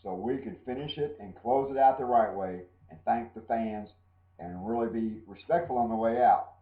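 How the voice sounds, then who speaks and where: A man's voice: mid-range voice, normal speed. A man, ranting angrily and profanely as a guest on a wrestling podcast while drinking. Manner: angry, swearing, drinking, loud and ranting. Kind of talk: profane heated rant. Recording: tinny phone-like audio in echoey room.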